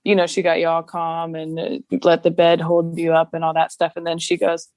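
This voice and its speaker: A woman's voice: lowish voice, fairly quick, dry recording. A woman comedian chatting as a podcast guest, telling stories with frequent laughter. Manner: laughs often, animated storytelling. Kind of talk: casual podcast chat.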